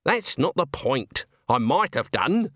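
A man's voice: medium pitch, very animated, takes it slowly, a bit bright, no echo, clean studio sound, full character voice. A man voicing a stern, haughty old woman witch who speaks in a curt, clipped, disdainful way. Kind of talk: audiobook character voice.

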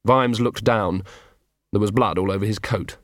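A man's voice: fairly low pitch, steady tone, moderate pace, no echo. A man narrating an audiobook in a dry, wry storytelling manner.

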